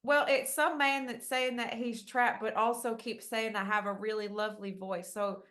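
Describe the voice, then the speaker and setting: A woman's voice: a little high, steady tone, moderate pace, fairly bright tone. A woman playing her character in a tabletop game, talking bluntly and with amusement. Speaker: player.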